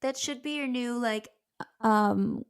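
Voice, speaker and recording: A woman's voice: fairly high pitch, slow, smooth. A woman co-hosting a casual podcast, teasing her co-host with short, dry remarks.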